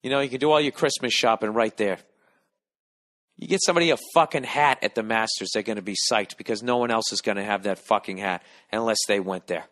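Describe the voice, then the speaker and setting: A middle-aged American man hosting a podcast, telling a profane, animated comic story and acting out the people in it. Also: lowish voice, fast talker. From United States. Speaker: podcast host. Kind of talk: casual comedic monologue.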